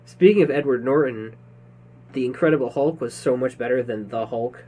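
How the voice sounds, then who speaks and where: A young man co-hosting a podcast, chatty and quick to laugh about movies. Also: medium pitch, warm tone. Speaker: podcast co-host. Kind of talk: casual chat.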